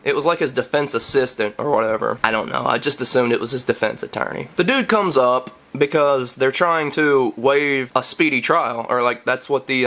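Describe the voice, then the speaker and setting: A young man chatting casually as a commentary vlogger, joking and rambling, laughing often between remarks. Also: pushed and bright. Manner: joking, rambling, often laughing, jumps to squeaky acted voices. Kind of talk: casual chat.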